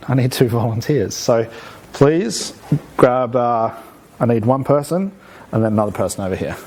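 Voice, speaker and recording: A man teaching a live hypnosis workshop to a room, energetic and often checking in with "okay?". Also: mid-range voice, normal speed. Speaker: hypnosis trainer. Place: training room with an audience.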